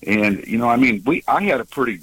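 A man in his sixties calling in to a talk show and telling a personal story, halting with many fillers and restarts. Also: mid-range voice, animated, fairly bright tone, breathy edge, low-quality recording. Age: 60s. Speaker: caller.

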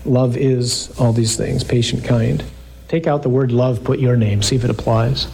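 A man's voice: mid-range voice, normal speed, creaky, breathy edge. A man preaching a sermon, reading scripture aloud and explaining it with emphasis and jokes. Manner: animated, emphatic, jokes with the listeners.

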